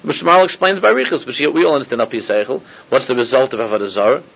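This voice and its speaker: Husky man giving a rambling Torah class. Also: mid-range voice, quick pace, fairly bright tone. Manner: mixes Hebrew and Yiddish terms, repeats himself, chuckles often. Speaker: rabbi teaching a class. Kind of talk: informal Torah lecture. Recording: dull lo-fi recording.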